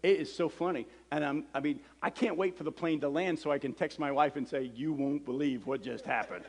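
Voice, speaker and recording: A middle-aged man, a preacher, telling a story in a sermon and acting out the dialogue with lively energy. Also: on the high side, fairly quick. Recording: long hall reverb.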